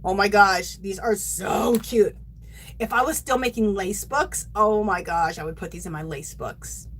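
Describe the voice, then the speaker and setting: A woman's voice: mid-range voice, measured pace, slightly rough, low-quality recording. A middle-aged woman hosting a yarn craft livestream, gushing and chatting casually to her viewers.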